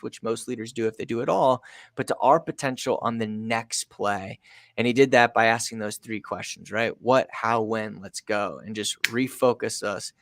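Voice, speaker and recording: A man in his thirties, a guest on a sales podcast, telling a story in an energetic, emphatic way. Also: mid-range voice, no echo. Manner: energetic, emphatic, acts out a coach's pep talk. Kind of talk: storytelling in an interview.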